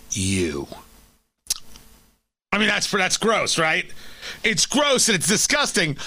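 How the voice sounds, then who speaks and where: A talk radio host delivers emphatic, sarcastic commentary in a high, bright voice. His pitch swings widely, and the studio sound is close and dry. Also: no room sound.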